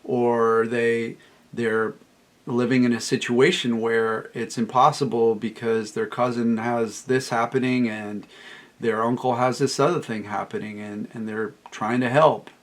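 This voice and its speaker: Emphatic mid-pitched male coach. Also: level tone, a little slow. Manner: emphatic, repeats phrases, quotes clients in a raised voice. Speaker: recovery coach. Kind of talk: solo talk to camera.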